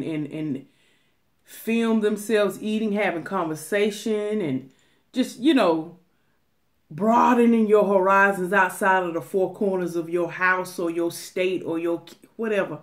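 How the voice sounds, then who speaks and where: A woman from Atlanta, chatting casually to her viewers in a mukbang vlog, animated and talkative, sometimes dropping to a whisper. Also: mid-range voice, measured pace. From Atlanta, USA. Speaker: mukbang vlogger.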